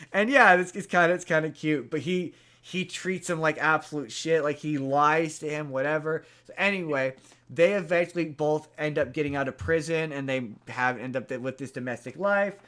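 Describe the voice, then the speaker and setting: Rambling man with a high voice. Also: moderate pace, a bit bright. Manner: rambling, many fillers and restarts. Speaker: podcast host. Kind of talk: casual chat, retelling a movie plot.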